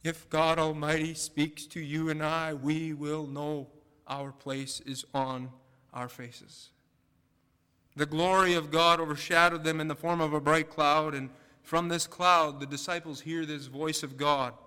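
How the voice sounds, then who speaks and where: A man preaching a sermon in a bright, crisp voice that carries. He presses his points with rhetorical questions and rising emphasis, with a long reverb trailing each phrase. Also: a little high, level tone, a little slow. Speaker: pastor.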